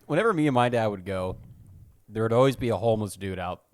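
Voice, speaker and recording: A man's voice: lowish voice, lively intonation, fast talker, a little mellow, dry recording. A young man co-hosting a podcast, rambling through a funny story in casual chat, swearing and laughing. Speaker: podcast co-host.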